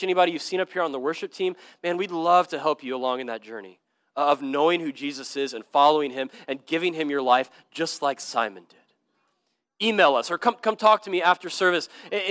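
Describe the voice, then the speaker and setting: A man's voice: a little high, a bit bright, clean tone, no echo, studio quality. A man preaching a sermon in church, earnest and emphatic, with casual slang and frequent word repeats. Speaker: pastor. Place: church service.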